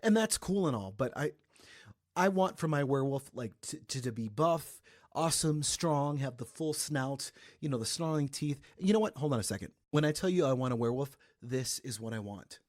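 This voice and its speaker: A young man from the Atlanta area hosting a casual celebrity gossip podcast, chatty and animated. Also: moderate pace, no echo, clean studio sound. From Atlanta area, Georgia. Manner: chatty and animated, breaks into high sung bits. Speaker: podcast host.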